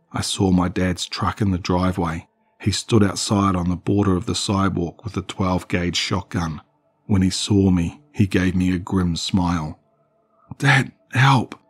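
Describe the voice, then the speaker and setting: A male narrator reading scripted horror fiction with measured drama. His voice is very low-pitched and husky.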